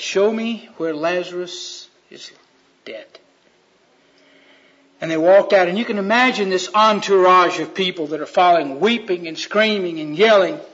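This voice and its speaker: In a muffled recording, a high-voiced man preaches by retelling Bible scenes like a folksy storyteller, swinging between loud and hushed delivery.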